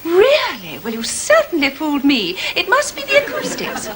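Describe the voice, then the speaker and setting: A British woman consul general, high-voiced and lively, whose politeness carries a sarcastic edge. Her pitch swoops as she charms and needles. The old TV tape adds constant hiss. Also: normal speed, a crowd in the background, heavily acted. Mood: arch. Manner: brightly gracious, arch, sarcastically polite. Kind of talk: 1980s TV sitcom acting. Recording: noisy old TV recording.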